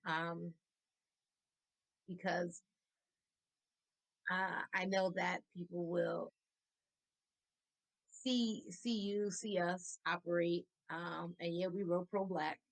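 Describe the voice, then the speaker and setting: A woman hosting an interview, slow and affirming as she responds to her guest. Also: lowish voice, steady tone, vocal fry, low-quality recording. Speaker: podcast host. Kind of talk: casual interview chat.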